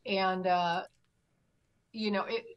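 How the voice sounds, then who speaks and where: Speaking slowly in a clean, medium-pitched tone, an older woman recounts her UFO encounter as an interview guest, though the recording sounds muffled. She brings the story to life by acting out the dialogue, her own words included.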